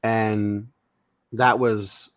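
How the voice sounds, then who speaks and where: A man's voice: fairly low pitch, level tone, very slow, dry recording, clean studio sound. A man co-hosting a casual podcast, swapping laughing stories with his friends. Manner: storytelling, laughing at his own tales. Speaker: podcast co-host.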